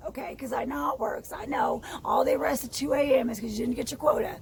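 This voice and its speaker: A woman vlogger in an angry personal rant, her voice hoarse and froggy and out of breath, blunt and swearing, dropping to whispers and rising to shouts. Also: high-pitched, fairly even intonation, fast talker, hardly any pauses, crowd noise, rough recording. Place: outdoors in sunlight.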